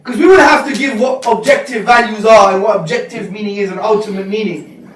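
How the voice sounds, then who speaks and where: A man giving a lively, joking lecture to students, slipping into street slang. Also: high-pitched, fairly quick. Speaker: Islamic speaker. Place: lecture hall. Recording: echoey hall recorded from far off.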